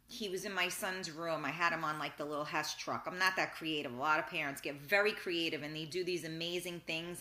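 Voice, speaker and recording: A woman's voice: deep voice, pushed and bright. A woman hosting a talk show, telling a rambling story in a casual, chatty way with restarts and mild swearing. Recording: roomy echo.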